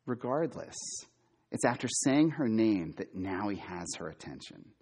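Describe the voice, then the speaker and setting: Husky middle aged guy preaching, voice jumps around a lot, quizzes the crowd, goes loud then real quiet. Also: fairly low pitch, sing-song, unhurried. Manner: quizzes the congregation, repeats words for emphasis, swings from loud to hushed. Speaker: preacher, former campus minister. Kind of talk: sermon.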